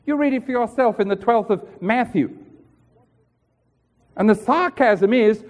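A man's voice: extremely high pitch, unhurried, pauses often, lo-fi sound. A man preaching a sermon in an earnest, rhetorical way, acting out the voices he quotes. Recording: hall reverb.

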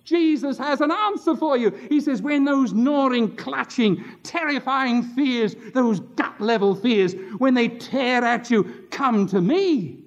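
A man's voice: extremely high pitch, a little slow, hardly any pauses. A male pastor preaching an impassioned sermon, drawing out words for emphasis. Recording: dull lo-fi sermon tape.

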